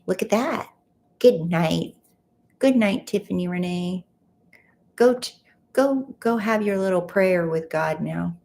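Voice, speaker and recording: A woman's voice: on the low side, lively intonation, slow, vocal fry, long pauses, darkish tone. A woman hosting a casual livestream, reading viewer comments aloud and chatting back to them from home. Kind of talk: casual live chat.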